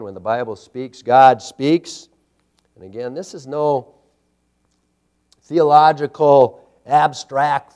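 A man's voice: medium pitch, a little mellow. A man preaching a sermon, emphatic and building with repeated phrases. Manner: emphatic preaching with rising intensity and repetition. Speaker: pastor.

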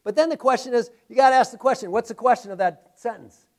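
A middle-aged man preaching a sermon, swinging between loud, emphatic declarations and quiet, hushed storytelling. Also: extremely high pitch, fast. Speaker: pastor.

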